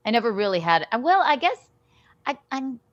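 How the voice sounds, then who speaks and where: A woman chatting as a podcast guest over a video call, animated and rambling, with frequent restarts and laughs. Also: a little high, brisk, no room sound. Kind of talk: casual chat. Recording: dull lo-fi audio.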